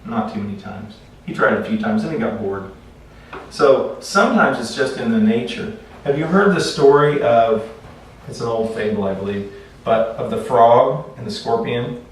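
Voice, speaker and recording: A man teaching a class in a relaxed, conversational way, telling stories and often restarting his sentences. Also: medium pitch, moderate pace. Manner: conversational, repeats words when restarting. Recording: echoey room, far from mic, faint noise.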